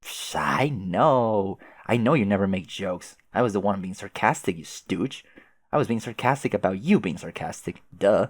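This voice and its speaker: A man's voice: lowish voice, animated, moderate pace. A man voicing a haughty, sarcastic teenage girl troll who schemes and taunts. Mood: taunting. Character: snooty haughty female teen troll schemer.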